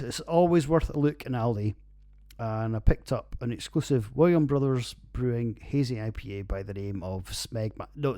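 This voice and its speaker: A man's voice: medium pitch, a little mellow, dry recording. Sweary rambling Scottish man, dry sound. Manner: rambling, sweary, laughs at own jokes. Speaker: podcast host. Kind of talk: casual beer review monologue. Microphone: computer recording.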